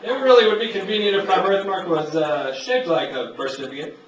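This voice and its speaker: Young guy doing stand-up, kinda high voice, rambly and laid-back, heard from way back in a muffled club recording. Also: a little fast, a crowd in the background. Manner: laid-back rambling delivery, acts out characters in raised voices. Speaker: stand-up comedian. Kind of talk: stand-up comedy set. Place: comedy club stage. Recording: distant, roomy, muffled amateur club recording. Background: audience laughter.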